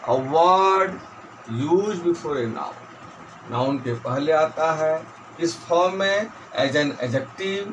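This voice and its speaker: A man teaching a grammar lesson to students, explaining slowly and repeating definitions, with quick asides in Hindi. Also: on the high side, fairly bright tone, a little hiss or hum, poor audio. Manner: switches to rapid Hindi asides. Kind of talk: classroom lecture.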